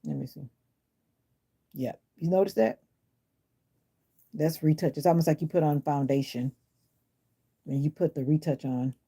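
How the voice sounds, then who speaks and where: Low, gravelly, husky woman live-streaming. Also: fairly even intonation, measured pace, long pauses, dark tone. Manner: chatty, answers comments, sassy and blunt. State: unwell. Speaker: livestream host. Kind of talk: casual livestream chat with viewers. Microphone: phone or device mic.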